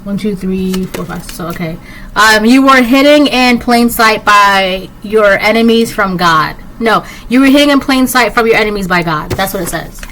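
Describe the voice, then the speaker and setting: A woman's voice: a little high, normal speed, few pauses, fairly bright tone, a little hiss or hum, rough recording. A woman giving a casual tarot reading, rambling and sassy, full of "like" and "um". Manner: rambling, filler-heavy, with frequent "like" and "um". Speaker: tarot reader.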